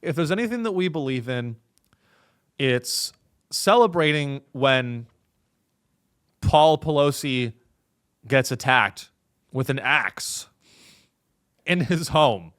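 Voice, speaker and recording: A young man hosting a comedy podcast, delivering a sarcastic monologue that swings between deadpan and exasperated. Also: medium pitch, slow, pauses often.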